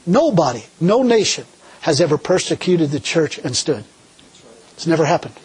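A middle-aged man preaching a sermon in a folksy, animated way, laughing often. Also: a little high, normal speed, husky, low-quality recording.

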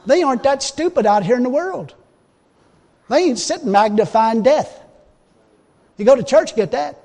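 A man preaching a folksy, emphatic sermon, swinging between loud exhortation and quiet asides, often laughing. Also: extremely high pitch, expressive, normal speed. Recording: long reverb of a hall.

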